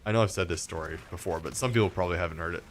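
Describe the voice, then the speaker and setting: A man from Texas chats casually while he plays a game, his voice sitting on the lower side. He rambles through a story and restarts his sentences often, with plenty of fillers. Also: very fast, slight background noise. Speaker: gaming streamer. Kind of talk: casual chat while gaming.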